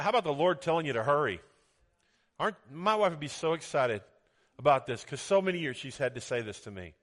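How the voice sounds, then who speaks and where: A middle-aged man preaching a sermon, reading scripture dramatically and swinging between loud exclamations and soft asides. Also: medium pitch, brisk. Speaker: pastor. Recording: long hall reverb.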